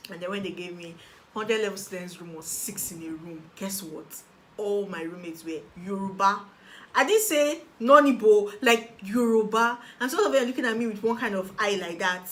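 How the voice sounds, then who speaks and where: A young Nigerian woman telling her personal story as a guest, animated and acting out the voices of people she quotes. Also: on the low side, normal speed. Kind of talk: personal testimony.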